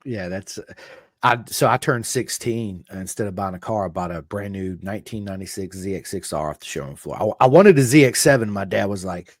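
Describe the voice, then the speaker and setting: A man's voice: lowish voice, a little fast, dry recording, clean studio sound. A man hosting a podcast, telling motorcycle stories in casual conversation and acting out quoted lines. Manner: animated storyteller, acts out quotes. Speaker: podcast host.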